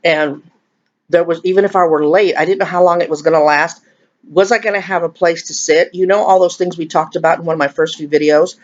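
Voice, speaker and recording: A woman's voice: fairly low pitch, steady tone, brisk, highs cut off. A woman, chatting casually and emotionally in a rambling, confiding vlog while eating. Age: 50s. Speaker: vlogger.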